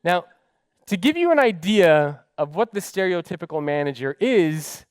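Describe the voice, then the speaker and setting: A man speaks on stage in an animated storytelling style, his pitch swinging widely. His voice is dry and close, with no room echo at all. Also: moderate pace, smooth. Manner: animated, dramatic storyteller who acts out dialogue. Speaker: keynote speaker. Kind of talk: storytelling keynote talk.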